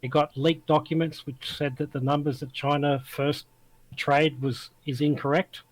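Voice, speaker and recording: A man's voice: a little high, level tone, moderate pace, no echo, poor audio. Australian man, guest, blunt, emphatic, casual swearing, dry close sound. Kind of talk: casual chat.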